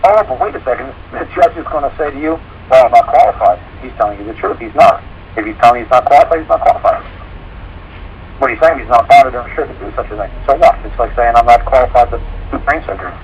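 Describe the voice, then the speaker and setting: Male radio talk host, middle pitch, loose anecdotal delivery with quoted voices, muffled low-fi recording. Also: a little hiss or hum. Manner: rambling, animated retelling with quoted dialogue. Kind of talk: casual storytelling monologue.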